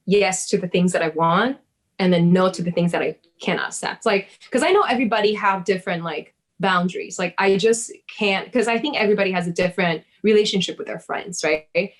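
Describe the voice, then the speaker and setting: Laughing woman telling a story. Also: mid-range voice. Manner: animated, swears, laughs, acts out her own past words. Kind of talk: casual storytelling chat.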